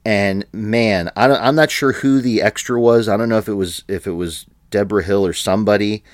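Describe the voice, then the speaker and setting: A man's voice: lowish voice, a little fast, no echo, studio quality. A man co-hosting a podcast in casual chat, rambling with frequent fillers and laughs. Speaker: podcast co-host.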